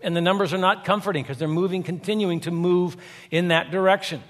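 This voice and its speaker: A man preaching a sermon in a church, animated and folksy, acting out quotes with humor. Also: high-pitched, fairly quick, big-room sound. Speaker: guest preacher, university leader. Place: church sanctuary.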